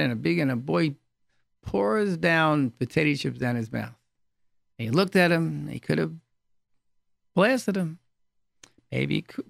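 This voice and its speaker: A rabbi giving an informal class, telling stories and repeating key phrases for emphasis. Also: male voice, on the high side, gravelly, dry recording, clean studio sound.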